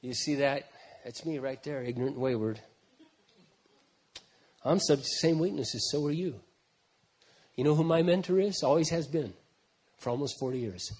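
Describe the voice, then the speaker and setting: A man in his fifties preaching a sermon as a pastor, swinging from quiet conversational asides to loud, emphatic passages, with frequent restarts. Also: medium pitch, moderate pace, pauses often, husky. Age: 50s.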